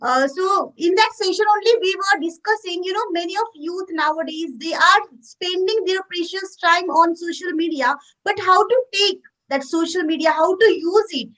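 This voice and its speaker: Woman host with a very high voice, encouraging, repeats herself a lot, video call. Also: normal speed, few pauses, fairly bright tone, low-quality recording. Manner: encouraging, repeats words, non-native phrasing. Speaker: host, English teacher. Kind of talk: interviewing a guest on a video call.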